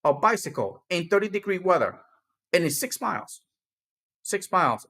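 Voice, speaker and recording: A man's voice: high voice, big pitch swings, moderate pace, pauses often, pushed and bright. Rambling, blunt man co-hosting a talk show. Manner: rambling, repeats himself, blunt and candid. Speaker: show co-host. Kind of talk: casual morning talk to viewers.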